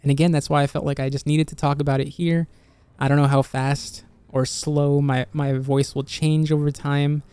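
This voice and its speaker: A video game YouTuber who is slowly losing their voice talks in a halting, earnest way, restarting phrases, over a studio microphone. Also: medium pitch, little pitch movement, clear, resonant tone, no room sound, soft background music. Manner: earnest, halting, many restarts and soft laughs. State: slowly losing voice, slightly hoarse. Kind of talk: reflective casual video commentary.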